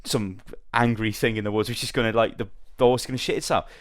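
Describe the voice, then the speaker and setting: Fast-talking man, swearing storyteller. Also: fairly low pitch. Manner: rambling, animated storytelling, swears freely. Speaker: podcast host. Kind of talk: casual chat.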